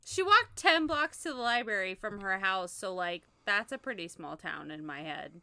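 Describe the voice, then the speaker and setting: Lively, very bright-voiced woman. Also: medium pitch, dry recording. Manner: joking, quick reactions and wisecracks. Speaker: podcast co-host. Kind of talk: casual chat.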